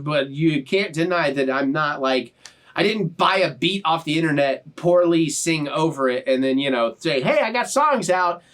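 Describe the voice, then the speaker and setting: A man's voice: on the high side, lively intonation, normal speed, fairly bright tone. A young man talking to his viewers in a casual, heartfelt, emotional way, rambling and restarting his sentences. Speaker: YouTube reaction channel host. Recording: voice a bit far from the mic.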